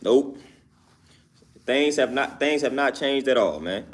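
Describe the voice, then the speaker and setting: On his own YouTube show, a man with a medium-pitched, animated voice talks slowly through his opinions. He's emphatic and repetitive, often asking "you know what I'm saying," with slight background noise.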